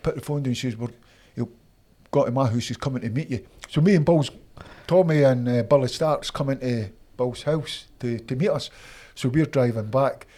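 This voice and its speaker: A Scottish man in his fifties, a former footballer, telling lively anecdotes in a casual interview and acting out the people he quotes. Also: medium pitch, moderate pace. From Scotland. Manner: animated anecdotes, acts out quoted voices.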